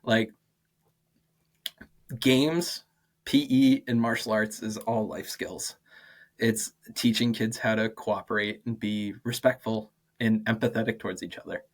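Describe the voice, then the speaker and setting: A man in his twenties, a martial arts and PE teacher, talking casually as a podcast guest in an animated way with lots of fillers and laughs. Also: lowish voice, measured pace. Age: 20s. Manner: animated, acts out quoted dialogue, many "like" fillers, laughs often. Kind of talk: casual interview storytelling.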